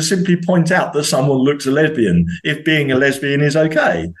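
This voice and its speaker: British guy on a podcast, pitch jumps all over, lots of restarts, gets worked up. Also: moderate pace, hardly any pauses. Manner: animated, hesitant restarts, rises sharply when indignant. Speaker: podcast guest. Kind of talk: casual conversation.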